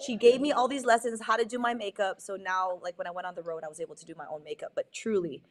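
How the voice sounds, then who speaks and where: Brief: middle-aged woman from Hawaii, animated storyteller on a video call, laughs easily. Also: mid-range voice, fast. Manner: animated, acts out voices in her stories, laughs often. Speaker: guest. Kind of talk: casual storytelling.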